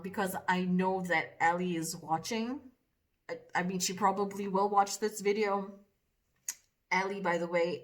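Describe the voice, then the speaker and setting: A woman's voice: mid-range voice, fairly bright tone. Woman makeup vlogger, mid-range voice, chatty and self-deprecating, casual to camera. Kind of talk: casual vlog chat.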